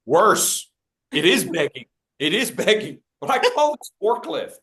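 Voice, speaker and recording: Man, speaking coach, lively and joking, slightly high voice, calls out names. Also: unhurried. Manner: upbeat, animated, jokes with the group; calls out instructions and audience names. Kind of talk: interactive coaching workshop.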